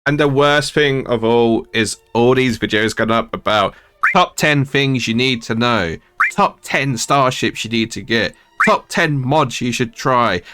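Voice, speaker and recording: A man's voice: medium pitch, measured pace, music in the background. A man from the United Kingdom giving a ranting game review as a gaming video creator, with exasperated, mocking complaints.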